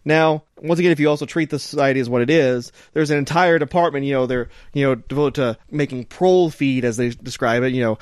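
A man with a steady, medium-pitched voice talks fast with hardly any pauses, recorded with no echo. Co-hosting a podcast, he rambles and jokes in casual chat, leaning heavily on fillers.

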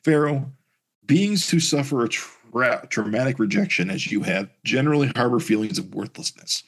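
A man reading aloud the lines of a calm, probing woman therapist, pitching his voice a little higher. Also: husky. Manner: measured, clinical questions.

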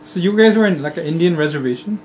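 A man's voice: on the high side, fast talker. A man hosting a casual chat, asking questions and sharing his own story. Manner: probing questions, soft back-channel hums. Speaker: host.

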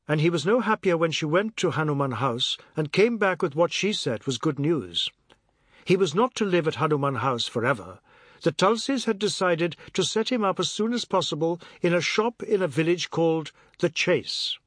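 A man narrating a novel in a measured storytelling manner. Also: a little high, animated, a bit bright, dry recording. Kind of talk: audiobook narration. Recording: dry close studio sound.

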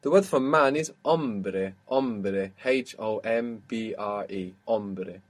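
A man teaching a one-to-one language lesson, explaining patiently and slowing down to model words. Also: on the low side.

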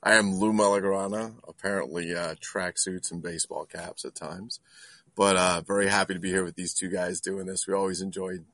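A man's voice: deep voice, steady tone, brisk, a bit bright, no room sound. A man co-hosting a podcast in an easygoing, casual way. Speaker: podcast co-host. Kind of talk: casual chat.

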